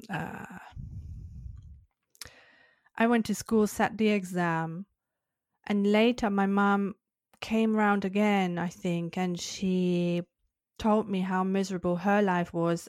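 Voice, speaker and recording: A middle-aged woman speaks as a podcast guest, reflective and candid as she recounts her own story. Her voice sits in a middle range, recorded close and dry with no room sound. She laughs softly now and then and restarts her phrases. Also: mid-range voice, dry recording. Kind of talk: personal storytelling.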